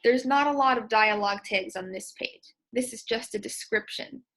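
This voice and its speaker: A woman teacher explaining and demonstrating expressive reading aloud in a reading lesson. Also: a little high, normal speed.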